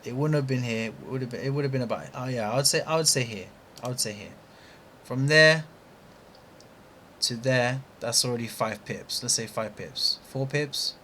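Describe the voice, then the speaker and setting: A man's voice: mid-range voice, normal speed, pushed and bright, a little hiss or hum. British man muttering over live trades. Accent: British English. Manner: muttering to himself, frustrated asides, slangy. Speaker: trading streamer. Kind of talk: live trading commentary.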